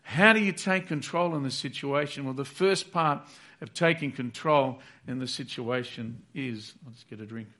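A man's voice: medium pitch, normal speed, sharp tone. A man preaching a sermon, earnest and repetitive, acting out heartfelt prayers aloud.

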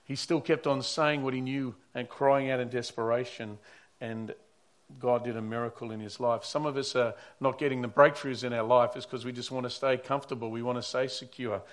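A man's voice: medium pitch, fairly even intonation, brisk. A man who is a pastor preaching a sermon, telling stories earnestly and often repeating or restarting his words.

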